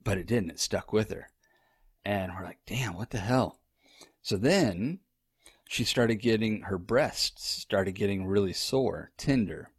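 A young man with a lowish voice tells his story in a loose, rambling way, swearing freely as he goes. The sound is close and dry, with no room around it. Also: expressive, a little slow, husky, no room sound. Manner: rambling, profane, conversational. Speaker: husband telling his story. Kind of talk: casual storytelling.

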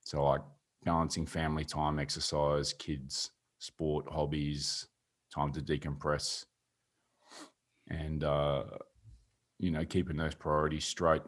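Very deep, husky-voiced man. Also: flat delivery. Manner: measured, reflective, hesitant with fillers. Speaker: podcast co-host. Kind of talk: casual chat.

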